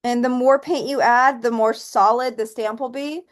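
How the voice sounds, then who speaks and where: A fairly high-voiced woman leads a relaxed painting lesson in an easy, chatty tone. She thinks aloud as she works and drops to a soft count while stamping. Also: moderate pace. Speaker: painting instructor. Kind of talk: relaxed step-by-step art tutorial.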